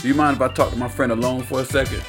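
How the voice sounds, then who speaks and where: A man's voice: medium pitch, steady tone, very fast, over music, close to an everyday voice. A man voicing a dry, scolding, level-headed friend in an audiobook. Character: exasperated level-headed man, radio host, adult.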